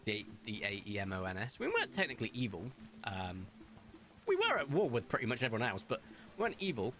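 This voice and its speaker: Lively man streaming a game. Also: medium pitch, quick pace, a little hiss or hum. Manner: chatty, rambling, animated storytelling. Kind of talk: casual gameplay commentary.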